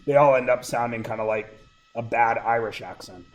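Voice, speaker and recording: A man's voice: mid-range voice, steady tone, normal speed, dull audio, faint music behind. A middle-aged man teaching math to a class, with a sore throat, asking the students question after question. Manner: questioning, prompts students for answers. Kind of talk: classroom lecture.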